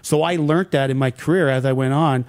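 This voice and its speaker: A middle-aged man, a former pro hockey player, telling animated stories in an interview and acting out what people said. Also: mid-range voice, fairly quick, no room sound. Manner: animated anecdotes acting out quoted dialogue. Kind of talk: casual storytelling in an interview.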